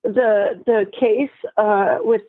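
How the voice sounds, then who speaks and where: A woman in her fifties from Tennessee, calling in from a hospital room, her speech slightly slurred after a mild stroke, halting as she searches for words. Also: medium pitch, fairly even intonation, no echo. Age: 50s. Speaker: caller. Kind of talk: call-in chat on a live stream. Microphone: phone line. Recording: tinny dry phone line.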